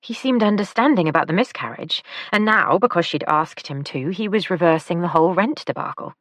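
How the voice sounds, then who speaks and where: A woman narrating an audiobook in a calm, even storytelling manner. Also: on the low side, a little fast, no room sound. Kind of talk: scripted narration.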